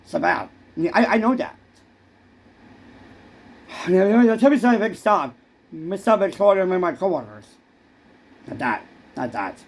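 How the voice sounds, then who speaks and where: High gravelly rambling man. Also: animated, unhurried, long pauses. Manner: rambling, stammering, repeats words. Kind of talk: rambling comic monologue.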